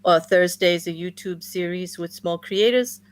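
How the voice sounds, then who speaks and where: A woman from the States in casual chat as a guest, chatty and quick to laugh, often trailing off and starting again. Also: on the low side. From United States.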